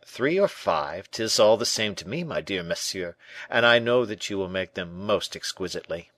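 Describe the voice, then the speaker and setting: A man's voice: deep voice, expressive, normal speed, a bit bright. A man doing a bold, teasing musketeer captain. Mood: jovial. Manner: bantering, emphatic.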